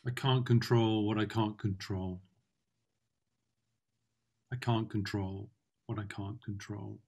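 A man being coached in a consultation, speaking in a halting, reflective way with many fillers and restarts. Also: fairly low pitch, fairly even intonation, creaky, darkish tone. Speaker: client in consultation. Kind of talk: reflective conversation.

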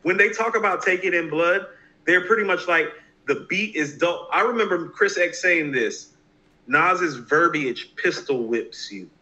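A man co-hosting a casual hip hop podcast, talking in an animated, emphatic way with frequent restarts. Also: sits high, moderate pace, dull audio. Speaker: podcast co-host.

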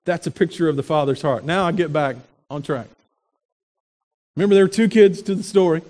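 A male pastor preaching a sermon in an animated way, asking the congregation rhetorical questions. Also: a little high, fairly quick.

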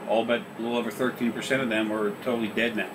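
Racing along in a flat delivery, a man with a lowish voice rattles off rambling, profane anecdotes on a recorded consultation. He laughs often and acts out the people he quotes while casually storytelling. A distant mic records him with faint background noise.

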